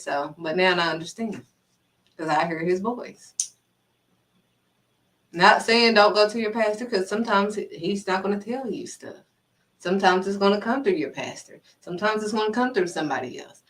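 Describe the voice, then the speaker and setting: A woman giving a casual inspirational faith talk as a vlogger, animated and acting out dialogue as she speaks. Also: medium pitch, recorded from a distance, low-quality recording. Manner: animated, acts out quoted dialogue.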